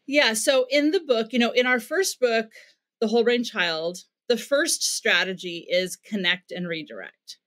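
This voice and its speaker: A woman's voice: on the high side, measured pace, fairly bright tone. A middle-aged American woman, a parenting expert, explaining her ideas in an interview with concrete examples and emphatic repetition. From United States. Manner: teacherly, builds points with examples and emphatic repetition.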